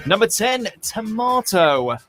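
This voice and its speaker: A man's voice: sits high, very animated, slow, fairly bright tone, soft background music. A British man reading a scripted list-video narration with dry, lightly joking delivery. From Britain.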